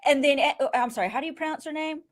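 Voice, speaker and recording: Animated Southern American woman. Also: high-pitched, very fast. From Southern United States. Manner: animated, playful, acts out quotes. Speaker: podcast co-host. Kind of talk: casual reality-TV recap chat.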